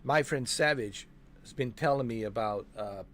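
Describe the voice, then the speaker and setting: Narrating a game walkthrough, a host with a medium-pitched, slightly bright voice chats at a moderate pace. He's loose and rambling, full of fillers like "man" and "dude," and self-corrects as he tries to recall names.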